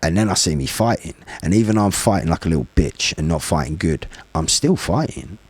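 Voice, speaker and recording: Deep-voiced man in his forties. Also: fairly quick, no echo. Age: 40s. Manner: animated, blunt, heavy swearing. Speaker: podcast guest, former bare-knuckle fighter. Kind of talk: casual storytelling conversation.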